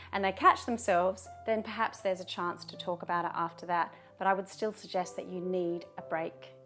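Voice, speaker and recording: A woman with a fairly low voice speaks straight to camera in a calm, measured advice talk. Soft music plays faintly underneath. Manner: calm, measured, firm on repeated commands. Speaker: advice video host.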